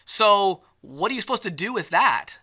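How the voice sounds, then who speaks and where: A man giving a live sales training presentation at an event, lively and acting out the excuses customers give. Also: high-pitched, normal speed. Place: event venue.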